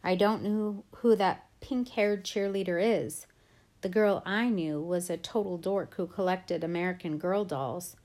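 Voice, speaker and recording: A woman's voice: on the low side, steady tone, measured pace, a little mellow, lightly acted. A woman reading an audiobook and voicing a teenage girl who turns from defensive to tearful, sobbing as she talks. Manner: defensive, then sobbing and pleading.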